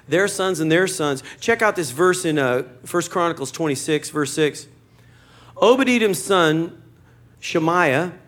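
A man preaching a sermon to a church congregation, conversational and joking, acting out short quotes. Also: a little high. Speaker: pastor.

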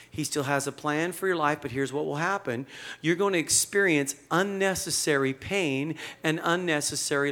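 A male pastor preaching a sermon in a conversational, animated storytelling manner. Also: on the high side.

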